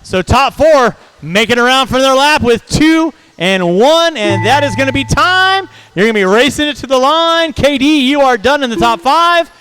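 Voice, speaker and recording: A man calling a hobby race over the track speakers, brisk and jokey, reeling off driver names in quick runs. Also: very high voice, animated, pushed and bright, smooth, soft background music, rough recording. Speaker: race announcer. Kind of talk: live race commentary.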